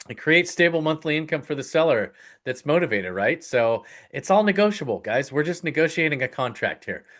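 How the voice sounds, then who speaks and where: A man's voice: mid-range voice, a bit bright. Casual man teaching a live webinar. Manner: casual, conversational, with frequent "right?" check-ins; emphatic, direct advice. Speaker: host teaching real estate investing.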